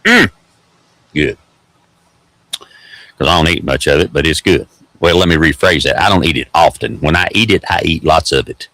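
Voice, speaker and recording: A man's voice: extremely low pitch, expressive, moderate pace, pauses often, bright, forceful tone, no room sound, poor audio. A man with an East Tennessee accent hosting a vlog, rambling through a casual story in a folksy drawl with lots of repeated words. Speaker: host.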